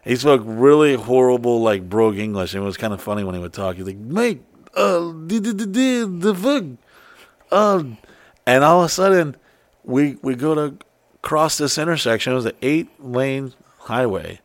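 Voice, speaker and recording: A man's voice: medium pitch, a little fast, dry recording. A man telling a wild story in casual chat, swearing freely and acting out what people said. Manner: profane, excitable, acts out quotes.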